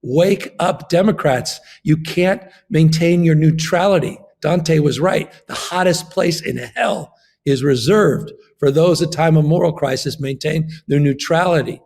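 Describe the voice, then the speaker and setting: A man's voice: on the high side, a little slow, creaky, a little mellow. A man, a governor, giving an impassioned political interview, emphatic and fond of repeating his phrases.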